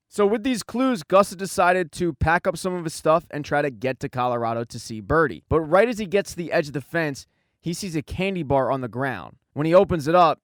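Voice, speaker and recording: Man narrating a brisk story recap. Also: fairly high pitch, no echo, studio quality. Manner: brisk storytelling with quoted lines read plainly. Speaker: recap channel host.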